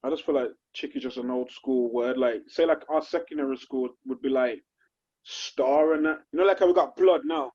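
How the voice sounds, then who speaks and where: A man's voice: mid-range voice, normal speed, a little mellow, highs cut off. A man hosting a casual chat, bantering and swearing freely. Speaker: host. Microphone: video call.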